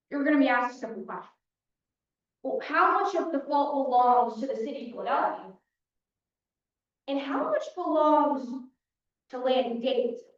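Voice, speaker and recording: A young woman giving a dramatic opening statement as defense attorney in a mock trial, telling the story in punchy short sentences. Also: high voice. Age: young adult. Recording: dull, echoey hall from far off.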